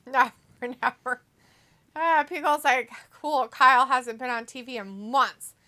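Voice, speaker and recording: A woman's voice: high voice, a little slow, sharp tone. A woman co-hosting a casual live watch-along stream, reading viewer comments aloud and laughing easily. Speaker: stream co-host reading chat.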